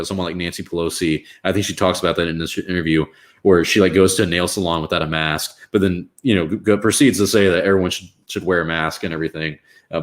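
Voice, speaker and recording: A young man talks through a live reaction stream in a loose, rambling way, full of fillers and wry remarks. His voice sits low. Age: young adult. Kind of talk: casual reaction stream commentary.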